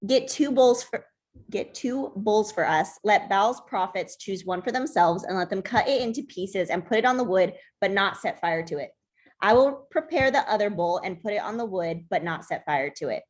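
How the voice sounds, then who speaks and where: A woman's voice: mid-range voice, animated, moderate pace. A young woman leading a Bible study group, reading a scripture passage aloud in a plain voice and stumbling over unfamiliar names.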